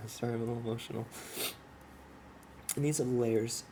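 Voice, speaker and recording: A man's voice: mid-range voice, steady tone, fairly quick, long pauses, background noise. A man in a rambling, profane, impassioned monologue who keeps restarting his sentences and explains while pointing at a drawing. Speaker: vlogger explaining his ideas.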